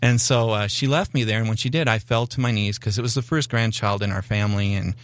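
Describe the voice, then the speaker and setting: A middle-aged man telling a personal testimony on a talk show, animated and acting out the voices in his story. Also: fairly low pitch, quick pace, dry recording. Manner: animated storyteller, acts out dialogue. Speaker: guest. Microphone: studio mic.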